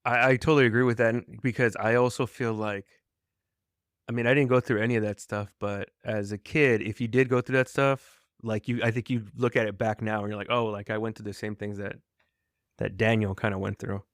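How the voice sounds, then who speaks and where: A man's voice: on the low side, steady tone, fairly quick, no room sound, studio quality. Chatty man hosting a video-call podcast. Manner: chatty, laughs often, hums along and quotes lines. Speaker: podcast host. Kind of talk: casual chat over video call. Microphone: video call mic.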